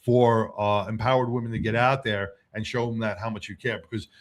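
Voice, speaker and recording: A man hosting a casual panel chat, talking in a halting way with frequent restarts and stammers. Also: fairly low pitch, fairly even intonation. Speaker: host.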